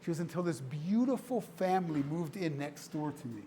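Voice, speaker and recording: A man's voice: on the high side, lively intonation, moderate pace, mellow, slight background noise. A man giving a storytelling speech to an audience as a charity director, emphatic and dramatic, repeating phrases for effect. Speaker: director of a charity, guest speaker. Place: indoor room before a live audience.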